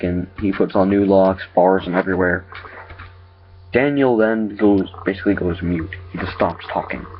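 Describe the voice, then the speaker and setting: Low-voiced man retelling a horror story. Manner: halting, self-correcting. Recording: lo-fi dull recording.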